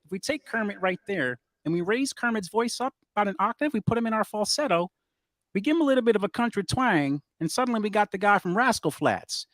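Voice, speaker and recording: A man, a voice impressionist, being interviewed and explaining his craft in a relaxed way. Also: sits high, quick pace, no echo. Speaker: guest voice impressionist. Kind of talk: interview chat.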